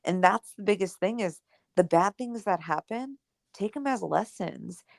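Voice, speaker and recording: Chatting casually on a podcast she co-hosts, a young adult woman shares a story from her own life, animated and full of "like" and "right?", voicing each quoted line. She has a gravelly, mid-range voice and speaks a little slowly. The sound is studio quality, with no echo.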